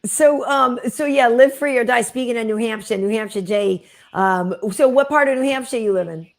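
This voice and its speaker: A woman's voice: a little high, normal speed. A woman from New England hosting a casual podcast, easygoing and agreeable. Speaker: host.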